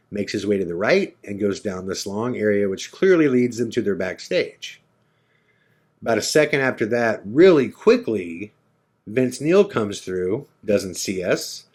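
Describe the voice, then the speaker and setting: A male podcast host telling a story in a casual, animated way, acting out the lines of the people in it. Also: on the low side. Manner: animated, acts out dialogue.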